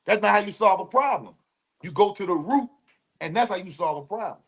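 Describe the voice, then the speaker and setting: High-voiced blunt man co-hosting. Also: animated, brisk, a bit bright, husky. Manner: blunt, profane, preachy asides. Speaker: podcast co-host. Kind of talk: casual livestream chat.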